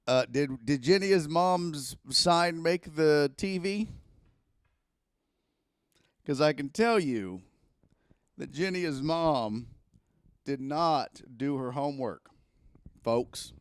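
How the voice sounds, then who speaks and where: A man's voice: a little high, slow pace, long pauses, clean tone, no echo, clean studio sound. A man hosting a casual sports talk livestream, rambling and swearing freely into a microphone plugged into a camera. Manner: profane, animated rambling. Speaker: sports talk show host.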